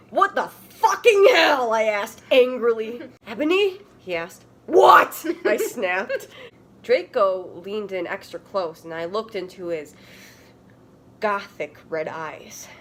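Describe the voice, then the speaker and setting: A woman reading a fan story aloud for comedy, laughing and shouting the quoted lines. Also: mid-range voice, lively intonation, takes it slowly. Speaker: comedy reader. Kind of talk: dramatic comic reading aloud.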